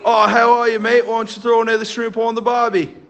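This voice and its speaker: A man leaving a playful voicemail and putting on loud, over-the-top joke accents. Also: very high-pitched, flat delivery, brisk, muffled recording, pitched above the performer's own voice. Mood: hammy.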